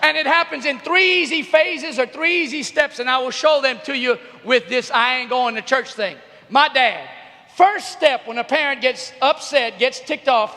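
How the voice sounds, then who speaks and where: High, gravelly man shouting stories in an arena. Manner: animated storytelling, often shouting. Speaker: youth speaker. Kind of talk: comedic motivational talk to teens. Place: large arena. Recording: long echo of a big arena.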